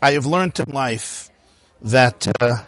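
A man preaching, telling a story in an animated, conversational way with frequent asides. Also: medium pitch, slow. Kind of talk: sermon storytelling.

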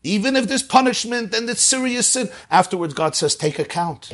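A man teaching a Torah lecture as a rabbi, animated, swinging between soft asides and emphatic declarations. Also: very high voice, brisk.

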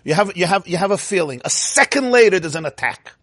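A man giving an informal Torah lecture in a lively, joking way, acting out inner voices. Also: high-pitched, quick pace, breathy edge, no room sound, clean studio sound. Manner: animated, acts out inner voices, laughs at own jokes. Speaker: Torah class teacher.

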